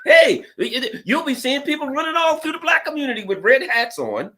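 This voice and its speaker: Animated, sarcastic man commentator. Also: extremely high pitch, a little fast. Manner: sarcastic, mocking, acts out politicians in quoted voices. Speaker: political commentator guest.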